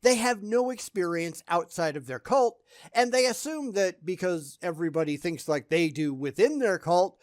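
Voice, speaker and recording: A man's voice: a little high, lively intonation, normal speed, few pauses, no echo, clean studio sound. A man giving sarcastic reaction commentary, blunt and scornful in how he talks.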